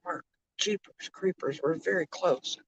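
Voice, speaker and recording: A woman's voice: fairly low pitch, unhurried, breathy edge, no room sound, lo-fi sound. A woman chatting casually from the passenger seat of a moving car, keeping up a running commentary full of fillers. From Canada. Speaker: vlogger, tarot reader. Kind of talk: casual chat while riding in a car.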